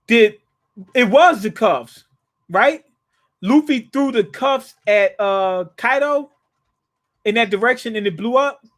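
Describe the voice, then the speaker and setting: A man with a fairly high voice hosts a live comic reaction. He reads scenes aloud and retells them in loose, slangy talk. He restarts his sentences a lot and laughs them off. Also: animated, slow, pauses often. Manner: casual, slangy, paraphrases scenes in his own words; frequent restarts and chuckles. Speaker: manga reaction host.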